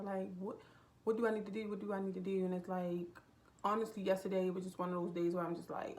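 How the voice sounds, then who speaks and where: A woman's voice: medium pitch, flat delivery, a little fast, darkish tone, slight background noise. Young woman talking openly in a vlog. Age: young adult. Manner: rambling and heartfelt, with many fillers. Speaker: vlogger. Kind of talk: casual confessional vlog chat. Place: indoors at a relative's home.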